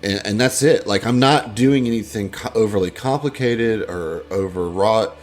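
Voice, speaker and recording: A man's voice: on the low side, normal speed. A man co-hosting a tabletop podcast, giving easygoing advice and hedging often in casual chat. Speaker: podcast co-host.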